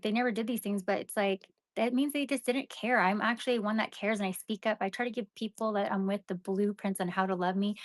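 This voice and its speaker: Venting in a loose, rambling chat with her stream audience, a young woman fills her talk with "like" and "you know." The recording is dry, and her voice sits in the mid-range.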